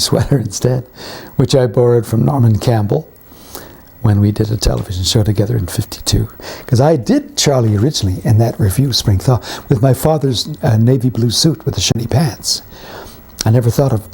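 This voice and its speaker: Older man, 70s, very raspy voice, warm mellow tone, wry storytelling. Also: medium pitch. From Canada. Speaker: veteran actor and writer being interviewed. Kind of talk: reminiscing interview.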